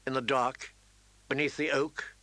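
Bright-voiced male audiobook narrator. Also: medium pitch, flat delivery, measured pace, no echo, poor audio. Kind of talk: scripted fantasy narration.

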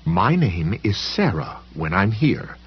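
Male reader doing a furious, tearful woman, lively pitch, slightly dull audio. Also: moderate pace, husky. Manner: bitter and accusing. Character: angry, tearful woman defending a friend.

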